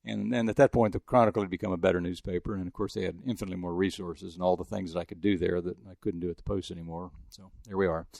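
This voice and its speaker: A man's voice: deep voice, steady tone, rapid-fire, vocal fry, hardly any pauses, darkish tone, no echo, studio quality. An older man from El Paso, a veteran sportswriter telling rambling stories in a casual interview. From El Paso, Texas. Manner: rambling anecdotes with frequent restarts. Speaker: guest sportswriter.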